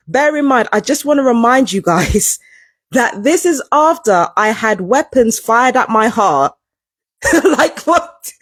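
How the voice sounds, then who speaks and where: A woman's voice: a little high, slightly rough, no echo, clean studio sound. A woman telling a story to camera in a casual vlog, emphatic and profane, repeating herself for emphasis. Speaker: vlogger.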